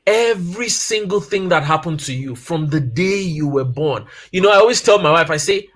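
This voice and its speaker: Speaking at a moderate pace with a fairly bright, animated voice on the high side, this guest speaker on family life is a man in his thirties or forties. He shares personal stories casually and goes back over key points to stress them.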